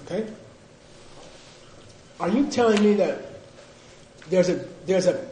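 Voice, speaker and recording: A man teaching Buddhist philosophy to a class, drilling students in call-and-response and coaxing them with teasing, animated prompts. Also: sits high, measured pace, long pauses, reverberant, poor audio.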